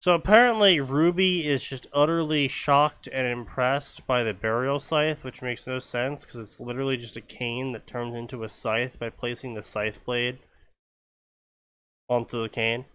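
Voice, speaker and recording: A man's voice: medium pitch, fairly even intonation, normal speed, fairly bright tone, clean tone, dry recording. A man hosting a podcast, casually commenting on fanfiction in a rambling way full of ums and restarts. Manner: rambling, many fillers and restarts. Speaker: podcast host.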